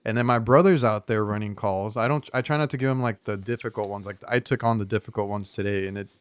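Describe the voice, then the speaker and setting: Low smooth-voiced American man chatting. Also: fast, no echo. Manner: rambling, restarts, chatty. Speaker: podcast co-host, HVAC technician. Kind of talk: casual chat.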